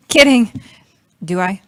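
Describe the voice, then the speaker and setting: Woman doing a jumpy defensive marketing lady, talks fast, slightly high, improv comedy. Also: expressive, dry recording. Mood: jittery. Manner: fast, jittery, evasive. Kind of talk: improvised comedy audio play.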